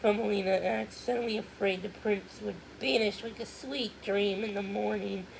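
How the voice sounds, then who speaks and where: A woman narrating a storybook read-along in a steady, gentle telling with the odd slip and restart. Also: medium pitch, moderate pace, vocal fry, slight background noise, low-quality recording. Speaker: storybook reader.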